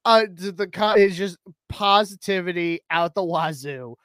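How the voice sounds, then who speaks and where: A man's voice: high-pitched, unhurried, a bit bright, clean tone, no room sound. A man in casual podcast chat, rambling through his story with restarts and hesitations.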